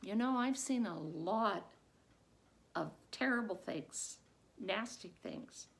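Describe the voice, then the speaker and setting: Weary male detective as a woman quotes him, flat and low, gravelly, slow, storytelling. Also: full character voice. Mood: stunned.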